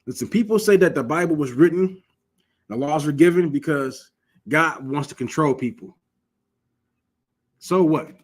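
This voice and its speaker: A somewhat high-voiced man from Michigan teaching scripture in an easy, informal way. He presses his points earnestly, repeating words as he restarts his sentences. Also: moderate pace, long pauses. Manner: earnest, exhortative, frequent restarts. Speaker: religious law teacher.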